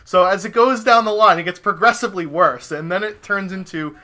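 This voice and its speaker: A young man, a podcast host, telling a story in casual chat, animated and profane, acting out his own reactions. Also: high voice, fairly quick.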